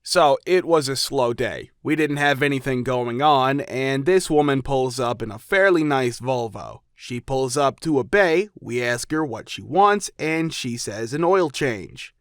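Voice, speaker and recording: A man reading out customer stories in an even storytelling manner. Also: medium pitch, measured pace, hardly any pauses, clear, resonant tone, no echo, studio quality. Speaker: narrator. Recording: faint music behind.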